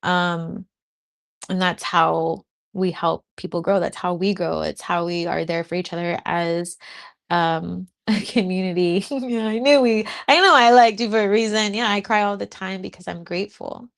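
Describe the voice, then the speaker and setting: A woman's voice: lowish voice, fairly even intonation, normal speed, vocal fry. A young adult woman, a spiritual business coach, talking casually and emotionally to her live audience, laughing often. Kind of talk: casual livestream talk to an audience.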